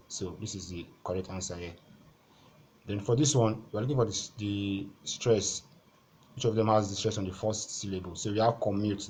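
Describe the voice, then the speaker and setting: A man's voice: fairly low pitch, a little hiss or hum. A man, tutoring for exams and walking through questions on screen, repeating each rule step by step. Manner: methodical, repeats key points step by step. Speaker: exam-prep tutor. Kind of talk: explaining over on-screen exam questions.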